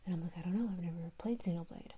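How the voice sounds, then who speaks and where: Breathy whispering young woman streamer. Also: on the low side, racing, mellow. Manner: rambling and self-deprecating, with many restarts. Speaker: streamer and ASMR artist. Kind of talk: whispered ASMR stream chat.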